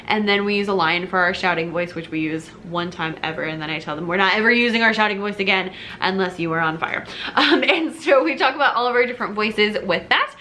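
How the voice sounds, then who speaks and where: Bright-voiced chatty woman music teacher. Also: mid-range voice, fairly quick, slight background noise. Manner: chatty and upbeat, with many fillers and short sung snippets. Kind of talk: casual talk-to-camera teaching tips.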